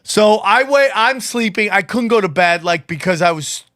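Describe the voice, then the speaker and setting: A man with a high voice tells a story on a podcast. He acts out every line people said and his voice climbs into excited shouts. The sound is dry and close. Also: normal speed, no room sound. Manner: animated, acts out quotes, rising to shouts. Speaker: podcast co-host. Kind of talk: casual storytelling chat.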